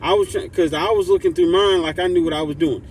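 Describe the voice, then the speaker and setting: A man's voice: steady tone, quick pace, a little hiss or hum. A man hosting a motivational livestream, talking casually and emphatically to his community and reading chat messages aloud. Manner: drops to soft low voice for heartfelt thanks.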